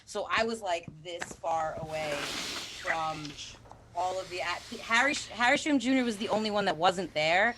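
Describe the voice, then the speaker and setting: A woman with a New York accent, telling stories in lively casual chat on a livestream. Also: lowish voice, normal speed, noisy background. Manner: lively, chatty storytelling. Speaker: content creator on a livestream.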